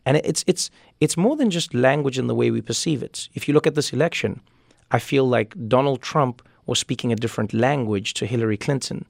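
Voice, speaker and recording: A man from Africa, talking as an interview guest and telling stories in animated, quick bursts. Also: medium pitch, creaky, dry recording, clean studio sound. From South Africa. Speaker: guest author. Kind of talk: conversational interview.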